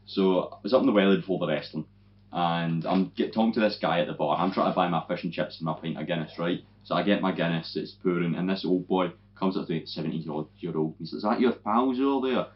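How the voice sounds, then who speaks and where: A young Scottish man, a podcast co-host, telling a sweary, animated pub story in casual chat. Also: low-pitched, quick pace. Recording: dull lo-fi audio.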